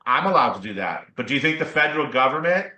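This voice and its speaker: A man's voice: medium pitch, big pitch swings, fast talker, sharp tone, reverberant, rough recording. A man speaking as an attorney guest on a podcast interview, explaining in an earnest way and often checking in with "right?" and "okay?".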